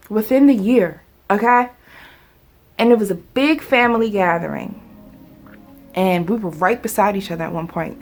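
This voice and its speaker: Brief: chatty, dramatic woman vlogger, mid-pitched, soft music underneath. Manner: animated, dramatic, conversational. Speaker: vlogger telling a story. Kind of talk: casual storytime vlog.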